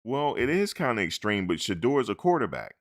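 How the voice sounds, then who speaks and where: A man's voice: lowish voice, fairly quick. A man hosting a sports talk show, riffing casually and animatedly, acting out imagined conversations and answering his chat. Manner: animated, talks back to the chat; acts out imagined lines in asides. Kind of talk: casual commentary.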